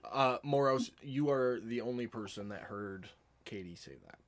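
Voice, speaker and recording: A man running a tabletop game as dungeon master, relaxed and laughing often between his descriptions. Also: mid-range voice, normal speed.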